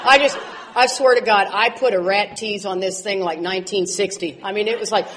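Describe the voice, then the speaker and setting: A woman in her forties speaking at a recovery convention, telling animated stories with laughs and loud outbursts. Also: medium pitch, a little fast, crowd noise, background noise. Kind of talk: speaker talk to an audience.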